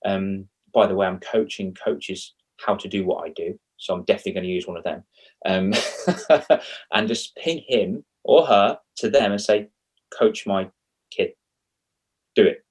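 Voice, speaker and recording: Male guest, kids' confidence coach, husky and lowish, rambling and animated in casual chat. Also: normal speed. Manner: animated and rambling, with self-mocking asides.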